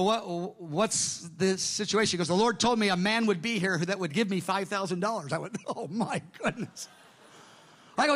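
Bright high-voiced man preaching. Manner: animated anecdotes, quoting others in dialogue. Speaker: pastor. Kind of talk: sermon storytelling.

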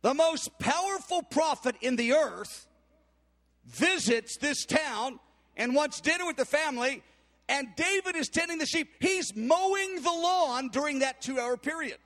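A man preaching a sermon, retelling a Bible story in an animated way and acting out the characters' voices. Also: extremely high pitch, measured pace. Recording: long hall reverb.

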